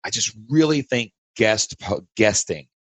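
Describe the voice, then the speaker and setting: A man with a Kentucky Southern accent, hosting a podcast and coaching a guest in an emphatic, energetic way. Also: lowish voice, unhurried, a little hiss or hum. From Southern United States. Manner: emphatic, energetic, pushes and challenges. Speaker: podcast host and business coach. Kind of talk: casual coaching chat.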